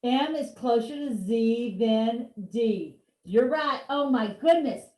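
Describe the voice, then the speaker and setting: A woman's voice: fairly high pitch, slow, a little mellow. A woman teaching a reading lesson over a video call, giving playful, encouraging instructions. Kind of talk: virtual one-on-one lesson. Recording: roomy echo.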